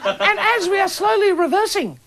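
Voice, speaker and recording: Deadpan woman comic, high lively voice. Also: normal speed, a loud crowd. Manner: dry, deadpan storytelling with a live audience laughing along. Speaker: comedian. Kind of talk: stand-up storytelling. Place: stage before a live audience. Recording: lo-fi old television recording with loud hiss.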